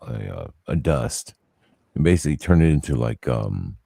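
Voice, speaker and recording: Super deep voiced guy rambling on a podcast, lots of ums, dry sound. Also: big pitch swings, normal speed, vocal fry, warm tone, slightly rough, no room sound. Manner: rambling, many fillers and restarts. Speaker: podcast co-host. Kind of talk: casual chat.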